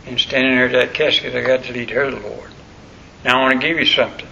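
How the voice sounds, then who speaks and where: A man's voice: mid-range voice, little pitch movement, quick pace, creaky, bright, forceful tone. An older man preaching a sermon in a folksy, rambling storytelling way. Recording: muffled lo-fi recording with faint noise.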